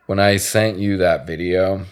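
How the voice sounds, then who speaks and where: A man's voice: low-pitched, steady tone, unhurried, clean tone. A man hosting a podcast, chatting casually in a meandering, profane way. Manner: profane, meandering, frequent restarts. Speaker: podcast host. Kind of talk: casual chat.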